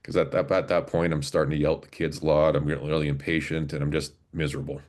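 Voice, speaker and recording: A man in his forties, a podcast guest and former police officer, telling his story in an earnest, halting way with many restarts. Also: extremely low pitch, little pitch movement, darkish tone. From Canada, Alberta. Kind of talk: casual storytelling interview.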